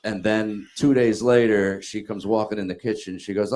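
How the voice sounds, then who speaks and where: A man's voice: lowish voice, steady tone, moderate pace, darkish tone. A man telling a stand-up story in an exasperated, profane way. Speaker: comedian telling a story on stage.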